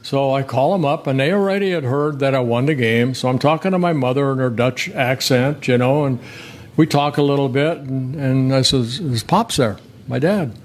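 A man's voice: mid-range voice, moderate pace. An older man in an interview, telling rambling, folksy stories with many restarts. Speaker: guest, former pitcher. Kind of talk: relaxed interview storytelling.

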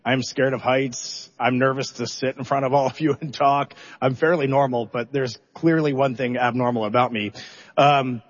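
A middle-aged man, a mission commander, telling an animated, self-deprecating story at a press conference. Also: mid-range voice, normal speed. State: emotional, holding back tears. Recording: dull recording in a reverberant hall.

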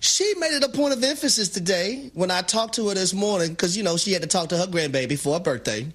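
A man co-hosting a sports talk show, telling stories in an animated, preacher-like way. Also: sits high, quick pace. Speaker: sports radio co-host.

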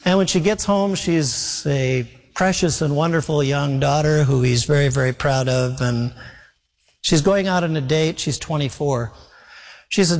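A man's voice: on the high side, measured pace. A man preaching a sermon, telling a story and acting out the dialogue of its characters. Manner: animated, acts out quoted dialogue. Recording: long hall reverb.

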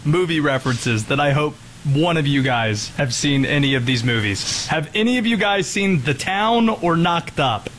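A man co-hosting a sports radio talk show, teasing his partner in a measured way. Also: fairly high pitch, expressive, fairly bright tone, a little hiss or hum, poor audio. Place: radio studio.

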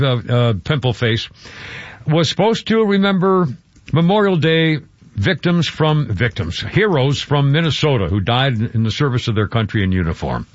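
A man's voice: medium pitch, no room sound, dull audio. A man hosting a talk radio show, rambling through commentary with frequent stammered restarts. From Georgia.

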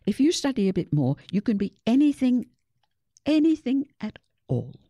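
A woman's voice: fairly high pitch, big pitch swings, moderate pace, mellow, no echo, voice pushed up. A woman voicing an earnest mother urging her daughter, in a children's story.

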